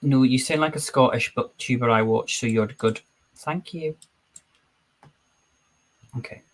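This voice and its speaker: A man's voice: medium pitch, measured pace. A man hosting a casual live stream, chatting away as he reads viewer comments aloud and answers them. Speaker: streamer host.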